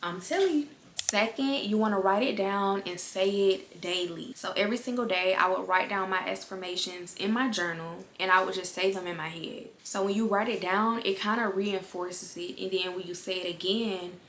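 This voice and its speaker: A woman's voice: mid-range voice, normal speed, fairly bright tone. A woman giving a casual motivational talk to her viewers, chatty and direct, often calling the listener "girl" and repeating words for emphasis. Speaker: vlogger. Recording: echoey room with faint ambient noise.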